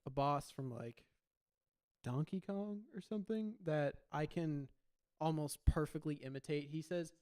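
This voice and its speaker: A man's voice: a little high, unhurried, darkish tone, clean tone. A young man co-hosting a casual podcast, easygoing, laughing often and agreeing readily. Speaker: podcast co-host. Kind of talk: casual chat.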